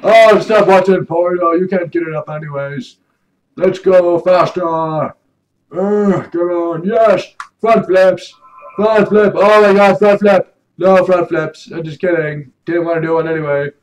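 A young man giving loud, swearing let's play commentary, swinging between shouts and mumbles. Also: high-pitched, fairly even intonation, a little slow, lo-fi sound. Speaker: gaming YouTuber.

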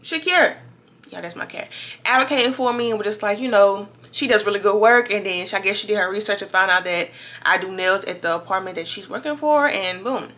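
A young woman in her twenties talks straight to her viewers in a casual storytime vlog. Her voice is bright and clear, and her delivery is chatty and animated. She keeps calling out to her audience as she tells the story. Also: mid-range voice, a little fast. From Louisiana. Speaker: vlogger.

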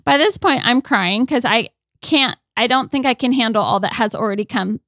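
Animated woman telling a story. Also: on the high side, normal speed, no room sound, clean studio sound. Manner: animated, acts out quoted lines. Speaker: podcast guest. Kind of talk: casual storytelling.

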